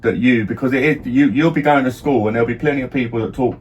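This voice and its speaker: Man, middle-aged, London accent, casual podcast chat, rambling with restarts, mid-pitched. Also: quick pace, muffled recording, slight background noise. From London area, England. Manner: rambling, many restarts and "do you know what I mean". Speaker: podcast co-host, father.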